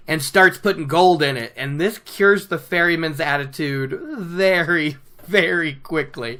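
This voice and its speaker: A podcast host recapping a book chapter in casual chat, animated and laughing often. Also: mid-range voice.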